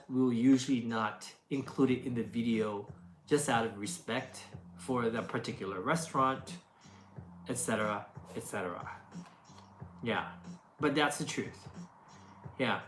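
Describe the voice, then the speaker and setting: A woman's voice: extremely low pitch, a little hiss or hum. Chatty woman in an echoey room. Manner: chatty, many fillers and restarts, laughs often. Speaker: food video creator. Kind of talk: casual Q&A chat. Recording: echoey room, faint music behind.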